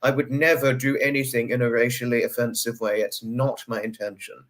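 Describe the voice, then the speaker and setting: A man hosts a relaxed livestream, talking through viewer comments in a chatty, rambling way. His voice sits at an ordinary middle pitch but jumps up high whenever he greets someone. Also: fairly quick. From United Kingdom. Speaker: livestream host. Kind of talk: casual livestream chat, reading out viewer comments.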